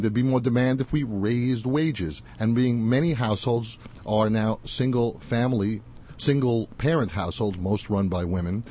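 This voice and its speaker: A man's voice: medium pitch, dark tone. A male talk show host delivering passionate, emphatic commentary. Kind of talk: opinionated commentary.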